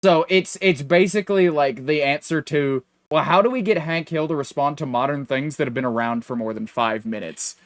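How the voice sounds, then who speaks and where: A young adult man co-hosting a podcast, talking in casual, rambling chat that is animated and full of restarts. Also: fairly high pitch, normal speed, hardly any pauses, no echo, clean studio sound. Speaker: podcast co-host.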